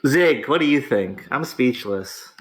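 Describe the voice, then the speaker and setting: A man hosting a casual online talk show, reacting excitably to gaming politics with frequent laughs and drawn-out exclamations. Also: mid-range voice, low-quality recording. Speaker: podcast host.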